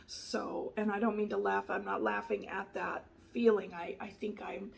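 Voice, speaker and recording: A woman giving a soft-spoken tarot reading, gentle and reassuring, often sliding into a whisper and pausing with fillers. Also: mid-range voice, little pitch movement, gravelly, poor audio. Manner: hesitant, many fillers and restarts. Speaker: tarot reader.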